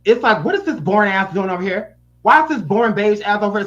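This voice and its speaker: A man's voice: high-pitched, big pitch swings, fairly quick, a bit bright, lo-fi sound. A man giving blunt, sassy and profane reaction commentary. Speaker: YouTube commentator.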